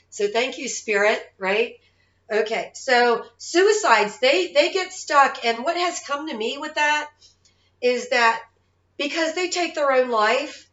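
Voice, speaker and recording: A woman's voice: medium pitch, a bit bright. A middle-aged woman telling a personal story in a chatty way, often checking in with "all right?" and "okay?". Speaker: psychic medium. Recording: slightly muffled, echoey room.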